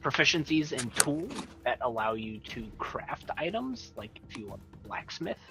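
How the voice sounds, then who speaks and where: A man calmly explaining tabletop game rules step by step over a voice call. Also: mid-range voice, unhurried, music in the background. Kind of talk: casual tabletop game chat.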